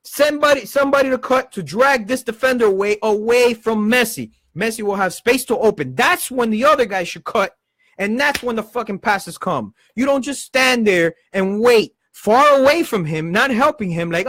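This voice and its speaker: A man hosting a live football show, ranting with passion and swearing, in fast heated bursts. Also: extremely high pitch, expressive, a bit bright, no room sound. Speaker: football channel host. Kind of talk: passionate live-stream rant.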